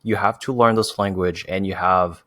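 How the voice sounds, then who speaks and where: A man's voice: low-pitched, steady tone, moderate pace, fairly bright tone, no echo, studio quality. A man hosting a casual interview, speaking hesitantly with many fillers. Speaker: host.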